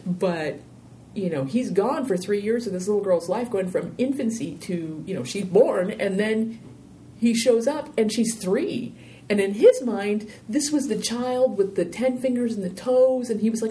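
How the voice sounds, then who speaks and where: A woman talking casually as an interview guest about her filmmaking, rambling and animated with lots of "you know"s. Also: a little high, normal speed, slight background noise.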